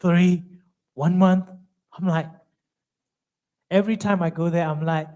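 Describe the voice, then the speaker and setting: A man's voice: high-pitched, fairly even intonation, a little slow, warm tone, smooth. A pastor from Myanmar speaking English with a Burmese accent. He leads a Bible study as a chatty storyteller, acting out the dialogue of his own stories.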